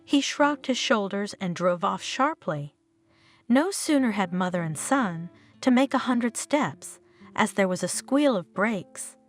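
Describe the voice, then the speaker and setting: Woman narrator, expressive, lively pitch, faint music behind. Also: unhurried. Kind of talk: scripted story narration.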